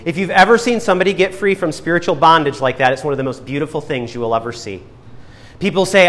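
Animated high-voiced man preaching a sermon. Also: fast talker. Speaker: pastor.

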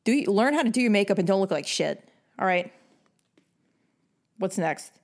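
A woman's voice: medium pitch, animated, normal speed. Blunt, foul-mouthed young woman lecturing. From New York. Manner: blunt and heavily profane; bossy, lecturing. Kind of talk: casual advice rant.

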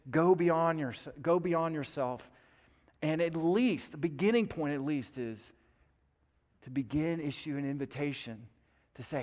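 A pastor preaching a sermon in an earnest, emphatic way, building up with repeated phrases. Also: male voice, on the high side. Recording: long reverb of a large hall.

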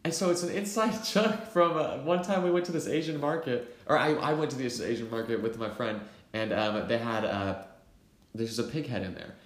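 A man's voice: medium pitch, normal speed. A young man co-hosting a podcast, telling a story animatedly with lots of fillers and laughter. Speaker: podcast co-host. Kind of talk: casual storytelling chat. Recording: roomy echo.

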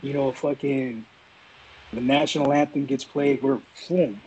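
A man's voice: mid-range voice, fairly even intonation, measured pace, crowd noise. A former Marine man telling a story in a casual, rambling, profane way. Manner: profane, rambling, laid-back. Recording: dull lo-fi audio.

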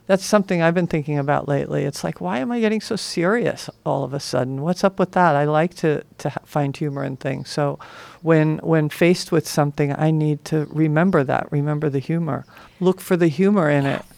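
A woman's voice: sits low, a little fast, gravelly, darkish tone, no room sound. A woman co-hosting a community radio talk show in a reflective, casual way, with light laughter. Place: radio studio.

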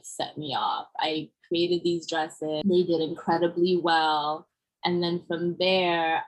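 A young woman talks casually about her work as a designer, with her words full of fillers. Her voice sits low and sounds a little husky. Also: poor audio. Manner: chatty, with many fillers like "like" and "you know". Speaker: fashion designer guest. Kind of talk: casual storytelling in a podcast interview.

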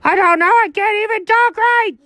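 A man's voice: very high voice, normal speed, sharp tone, no echo, voice pushed up. A man voicing Alfred, a forgetful, sneaky man who stammers and loses his words. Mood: muddled.

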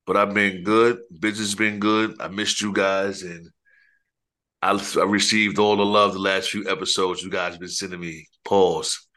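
A middle-aged man on a podcast talks in a relaxed, teasing way. His voice is very low, yet it has a bright, clear edge. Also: normal speed. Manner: laid-back, teasing. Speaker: podcast co-host. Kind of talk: casual podcast chat.

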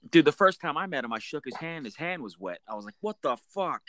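A man's voice: fairly high pitch, expressive, quick pace, fairly bright tone, no echo. A man in a casual chat, reminiscing about military service and prompting his friend for stories. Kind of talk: casual conversation.

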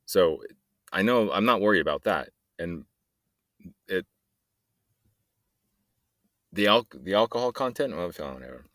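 Low-voiced guy doing a rambly solo podcast, jokey, keeps trailing off, dry sound. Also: lively intonation, a little slow, pauses often, a bit bright, no echo. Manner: meandering, jokey, trails off mid-sentence. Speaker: podcast host.

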